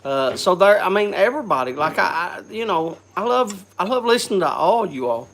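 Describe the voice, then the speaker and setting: A man's voice: sits high, expressive, vocal fry, fairly bright tone, slight background noise. A man hosting a casual live chat, congested from a cold, coughing and often restarting his sentences. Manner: halting, restarts with repeated words. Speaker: host.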